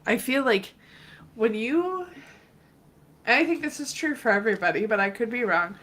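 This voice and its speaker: Bright Minnesotan woman chatting. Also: fairly high pitch, moderate pace. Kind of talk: casual chat.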